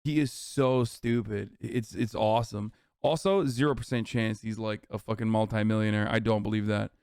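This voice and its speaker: Mocking streamer man, crisp dry voice. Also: lowish voice, steady tone, a little fast, a little mellow, no room sound. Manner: loose, profane, mocking, incredulous. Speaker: streamer reacting to videos. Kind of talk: casual reaction commentary.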